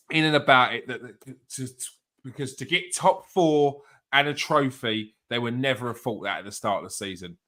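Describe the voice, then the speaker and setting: A man's voice: medium pitch, bright, forceful tone. A man who hosts a casual football chat podcast, pressing his points with questions in an argumentative way. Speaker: podcast host.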